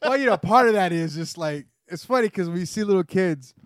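A young man co-hosting a podcast, joking and chiming in with quick quips. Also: sits high, animated, no echo, studio quality. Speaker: podcast co-host. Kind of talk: casual chat.

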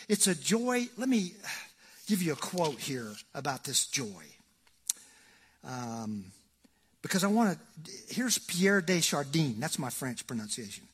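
A man preaching a sermon as pastor, folksy and joking, swinging between loud emphasis and hushed asides. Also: high voice, big pitch swings, normal speed, slightly rough.

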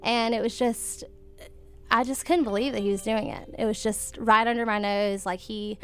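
A woman's voice: a little high, fairly even intonation, normal speed, loud music behind the voice. A young woman, telling a personal story in casual conversation, full of fillers and little laughs. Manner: chatty, many fillers, laughs while telling.

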